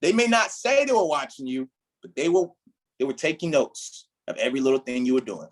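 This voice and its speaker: Husky, animated man giving a pep talk. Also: medium pitch, fairly quick, low-quality recording. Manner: emphatic, repeats "right?", preachy build-ups. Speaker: team leader and mentor. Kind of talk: motivational training talk.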